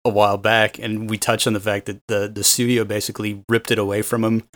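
A male podcast co-host with a lowish voice, recorded close and dry with no room sound. He rambles through his points and lets his thoughts trail off into quiet wrap-ups. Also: little pitch movement, a little fast, no room sound. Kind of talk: casual chat.

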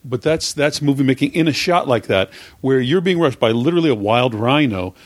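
A man interviewing a stuntman, chiming in with enthusiastic comments and quick asides. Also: mid-range voice, no room sound. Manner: enthusiastic, chimes in with short reactions. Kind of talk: conversational interview.

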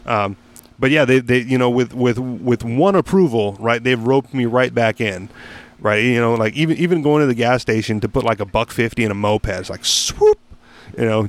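A man's voice: medium pitch, a little fast. A man hosting a casual podcast chat, telling a rambling story full of fillers and restarts, with casual swearing. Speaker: podcast host.

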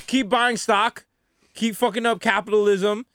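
A man's voice: sits high, fairly even intonation, measured pace, bright, forceful tone, a little hiss or hum. A man co-hosting a podcast, rambling through jokes with lots of swearing. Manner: rambling, profane, jokey. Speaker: podcast co-host. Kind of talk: casual chat.

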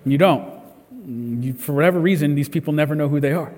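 Husky-voiced preacher man in echoing hall. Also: on the high side, a little fast, a little mellow. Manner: conversational preaching with repeated restarts. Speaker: pastor. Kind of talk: sermon. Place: church service.

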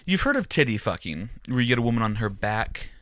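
A man's voice: mid-range voice, big pitch swings, fast talker, a bit bright, dry recording, clean studio sound. A young adult man hosting a podcast, telling a crude comic story in a rambling, profane way and often breaking into laughs.

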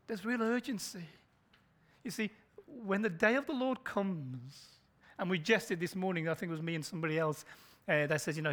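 A male pastor preaching an urgent sermon, swinging between loud emphasis and near whispers. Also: high voice, moderate pace. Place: church in a shopping complex.

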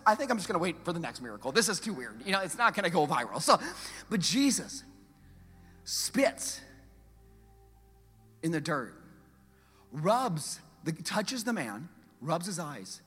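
A man preaching a sermon as a pastor, telling the story in a lively, conversational way, swinging from loud urgency to hushed emphasis and putting rhetorical questions to the congregation. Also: a little high, measured pace, long pauses, husky, in a large hall, faint music behind.

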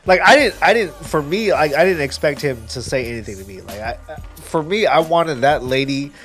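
A man's voice: on the high side, brisk. Man, podcast co-host, casual storytelling, profane, acts out quotes, faint music. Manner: profane, animated retelling with acted-out quotes. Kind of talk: casual storytelling among friends.

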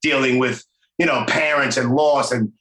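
Man, New York accent, middle-aged, bright forceful tone, echoey room, rambling podcast host. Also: medium pitch, fairly even intonation, moderate pace. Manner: loose, swearing, rambling. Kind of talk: casual interview chat. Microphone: video call.

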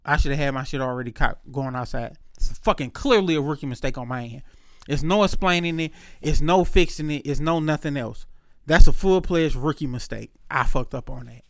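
A young man, telling a story in a casual rant, animated and profane, acting out both sides. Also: a little high, a little fast, dry recording, studio quality.

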